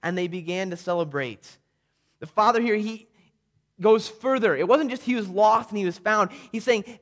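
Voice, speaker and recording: High-voiced man preaching a story sermon. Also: normal speed. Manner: vivid storytelling, swinging between loud emphasis and hushed tones.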